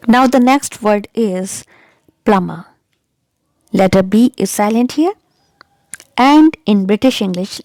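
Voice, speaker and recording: A woman teaching English pronunciation who says each word slowly and deliberately, repeats it, and keeps checking in with "okay?". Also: on the high side, animated, darkish tone, no echo. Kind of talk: pronunciation lesson.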